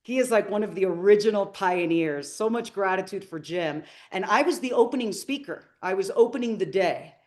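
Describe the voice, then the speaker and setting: A woman's voice: medium pitch, normal speed, few pauses. A middle-aged woman giving a live motivational masterclass, earnest and inspirational, telling stories and asking the audience questions. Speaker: motivational speaker.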